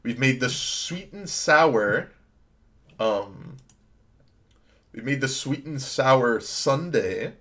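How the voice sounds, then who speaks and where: Young man, casual streamer, rambling self-mocking story, middle pitch, keyboard typing in the background. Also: lively intonation, very slow, long pauses, sharp tone. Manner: rambling anecdote with filler "like", laughing at himself. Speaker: gaming streamer. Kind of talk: casual storytelling while playing a card game.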